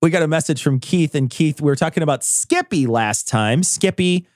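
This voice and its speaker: A man hosting a podcast in casual chat, animated, swearing and laughing often. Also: fairly high pitch, moderate pace, dry recording, clean studio sound. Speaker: podcast host.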